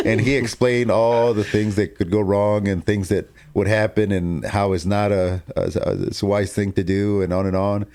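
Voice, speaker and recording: A man telling a family story in a casual, animated way, laughing often and acting out what people said. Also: lowish voice, moderate pace, hardly any pauses. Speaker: co-host telling his testimony.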